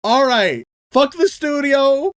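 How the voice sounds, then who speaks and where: A man co-hosting a podcast, ranting in casual chat, swearing freely and breaking into laughs and shouts. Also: very high-pitched, expressive, takes it slowly, a little hiss or hum. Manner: profane, exasperated, laughs and shouts mid-rant. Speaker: podcast co-host.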